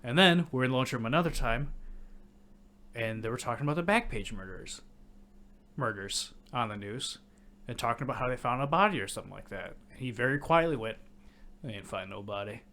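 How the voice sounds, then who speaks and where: A man from Michigan co-hosting a casual movie podcast, telling stories in a relaxed, trailing way. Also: medium pitch, brisk. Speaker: podcast co-host.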